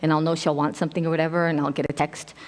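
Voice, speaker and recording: A middle-aged woman giving a casual sermon, telling stories in an animated way and acting out quotes with laughs. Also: low-pitched, rapid-fire. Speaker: preacher. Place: church sanctuary. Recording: long hall reverb.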